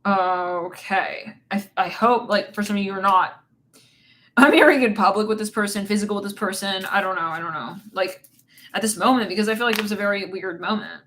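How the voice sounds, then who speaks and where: A woman's voice: medium pitch, a little fast, a bit bright, a little hiss or hum. A woman giving a casual tarot reading, rambling and giggly, swearing bluntly as she talks. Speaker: tarot reader.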